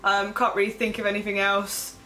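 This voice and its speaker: A young woman from Essex, England, with an Essex accent, chats casually on a vlog, explaining slang while rambling, using lots of fillers, and poking fun at herself. Her medium-pitched voice is bright and forceful yet completely flat and brisk, and she sits far from the mic in an echoey room with faint music.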